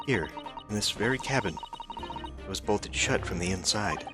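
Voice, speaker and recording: A man's voice: lowish voice, animated, moderate pace, over music, natural voice. A man voicing an earnest young woman assistant, formal and pleading. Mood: distraught.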